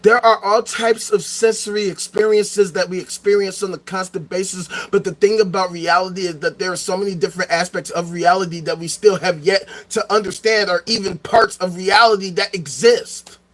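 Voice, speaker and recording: Brief: male host, high, bright voice, profane and excitable, solo rant that keeps flaring into shouts. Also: moderate pace, hardly any pauses. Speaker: podcast host.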